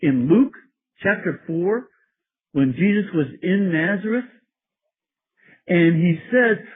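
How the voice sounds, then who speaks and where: Priest lecturing, wry storyteller, husky voice, lively pitch, tinny phone-like recording. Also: male voice, measured pace. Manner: wry, storytelling, laughs at his own anecdotes. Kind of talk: sermon-like lecture.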